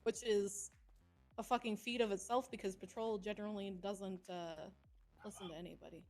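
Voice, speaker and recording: Relaxed woman giving casual advice. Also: medium pitch, normal speed, soft background music. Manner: relaxed, mentoring, swears casually. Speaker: streamer, senior roleplay police officer.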